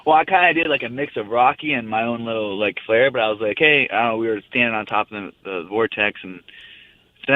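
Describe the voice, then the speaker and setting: Young male fighter calling in, quick and rambling, tinny dry phone line. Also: fairly low pitch, no echo. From United States. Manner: rambling, loose and profane. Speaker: guest fighter. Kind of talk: casual radio interview.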